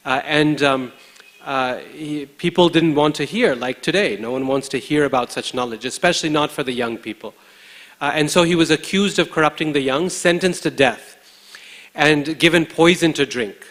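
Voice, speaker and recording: Brief: male preacher from India, relaxed lecture manner with frequent pauses, mid-range voice, reverberant temple hall. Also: medium pitch. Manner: measured, conversational, many hesitant pauses. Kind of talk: scripture class lecture.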